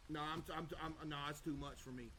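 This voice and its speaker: A young man chats through a livestream in a relaxed, joking way, bragging to his viewers in loose slang. His voice sits high and rings very bright and forward. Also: fairly quick, a little hiss or hum, low-quality recording. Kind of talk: casual livestream chat.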